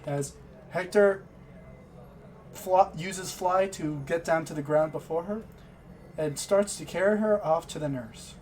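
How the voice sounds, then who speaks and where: A man narrating a tabletop game as game master, halting and restarting as he describes the scene. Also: fairly high pitch, a little mellow, a little hiss or hum.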